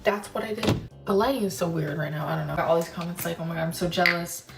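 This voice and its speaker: A woman's voice: fairly low pitch, fairly even intonation, quick pace. A young woman recording herself late at night, candid and tired, talking casually with some swearing. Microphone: self-recorded on phone. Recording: distant mic over clear music.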